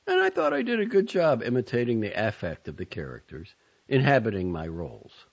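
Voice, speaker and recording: A man narrating an audiobook in a measured, introspective, softly expressive manner. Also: medium pitch, vocal fry, highs cut off.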